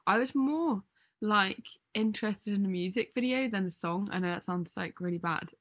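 In a casual podcast chat, a woman co-host speaks at a moderate pace with medium pitch and a fairly bright tone. She's giggly and chatty, often trailing off mid-thought.

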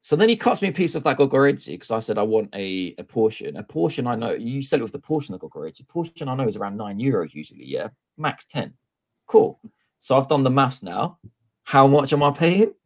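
A podcast co-host with a mid-range voice talks a little fast as he tells a long story in casual chat. He's animated, acting out both sides of the dialogue and swearing freely.

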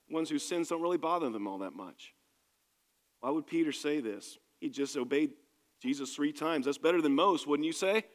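A man's voice: mid-range voice, big-room sound. A man preaching a sermon as pastor, speaking in an emphatic, conversational way to his congregation in a church.

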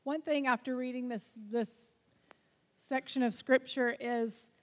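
A woman's voice: high-pitched, steady tone, unhurried. Earnest woman discussing scripture in a reverberant hall. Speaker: Bible study co-host. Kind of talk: Bible study discussion.

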